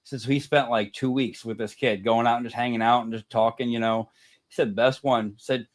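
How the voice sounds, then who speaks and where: A man's voice: mid-range voice, fairly even intonation, a little fast. A man, co-hosting a casual podcast chat, telling a story and laughing at his own jokes. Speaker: podcast co-host.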